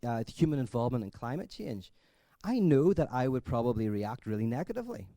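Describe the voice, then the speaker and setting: A man giving a conference talk in a conversational, thinking-aloud way, telling jokes with lively energy. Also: mid-range voice, fairly quick, no echo. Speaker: conference speaker.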